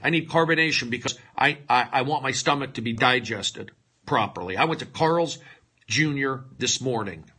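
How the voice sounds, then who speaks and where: A man doing comedy on a livestream rambles through a monologue, swinging from loud outbursts to quiet mutters. He tosses mock-dramatic, self-mocking asides into his phone, his medium-pitched voice carrying a breathy edge.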